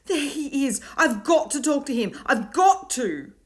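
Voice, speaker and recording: A woman voicing an excited, urgent young boy, calling out high and loud. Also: unhurried.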